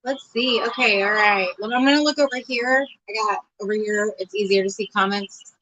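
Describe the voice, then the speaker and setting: A woman's voice: mid-range voice, brisk, fairly bright tone, dull audio. A woman with an Oklahoma accent hosting a casual livestream, greeting viewers in the chat by name. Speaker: host.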